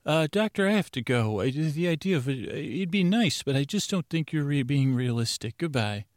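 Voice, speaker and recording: A man voicing a prim male receptionist at a bedtime story institute, with a higher put-on voice. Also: expressive, moderate pace, dry recording, clean studio sound, close to an everyday voice. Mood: dismissive.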